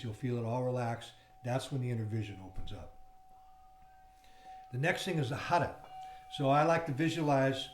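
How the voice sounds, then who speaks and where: A man leads a yoga class, talking through the technique in a loose, meandering way and slipping into rhythmic chanting. His voice sits at an ordinary middle pitch. The room gives it a noticeable echo, with a faint hiss underneath. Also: darkish tone. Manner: explaining loosely with fillers, chanting between remarks. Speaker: yoga teacher. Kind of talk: guided yoga class instruction. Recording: roomy with faint background noise.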